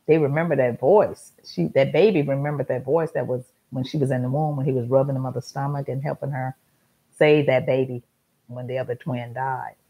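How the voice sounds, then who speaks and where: A woman's voice: extremely low pitch, steady tone, brisk, husky, lo-fi sound. A middle-aged woman hosting a talk show, telling a story in an emphatic, repetitive monologue.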